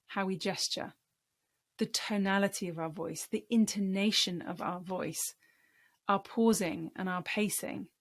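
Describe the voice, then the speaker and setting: A woman, teaching public speaking skills to camera in an emphatic, encouraging coaching tone. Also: mid-range voice. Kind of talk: speaking-tips lesson to camera.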